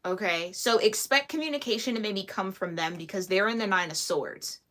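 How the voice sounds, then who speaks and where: A woman's voice: mid-range voice, normal speed, a bit bright. A woman giving a casual, chatty tarot reading, slangy and laughing often. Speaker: tarot reader.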